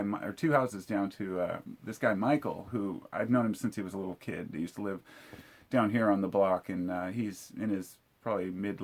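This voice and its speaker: A middle-aged man tells a story in a low, slightly husky voice. He talks bluntly and swears freely, raising his voice sharply whenever he quotes himself. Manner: blunt and profane, quick to shout the quoted lines. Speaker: vlogger telling a true story. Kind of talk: casual storytelling monologue.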